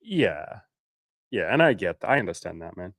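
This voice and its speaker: A low-voiced man hosts a casual coaching livestream, reading viewer comments aloud and answering with frank, swear-heavy advice. The sound is dry and close, with no room echo. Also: very animated, moderate pace. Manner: blunt, profane, frank advice. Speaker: dating coach hosting a livestream.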